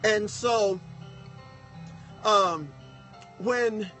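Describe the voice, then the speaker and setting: A man's voice: high-pitched, very slow, bright, forceful tone, faint music behind. A man, a pastor, telling a personal story in a folksy, casual way, often checking in with "okay?". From Texas. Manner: folksy, repeats "okay?" to the audience. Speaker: pastor and broadcast host.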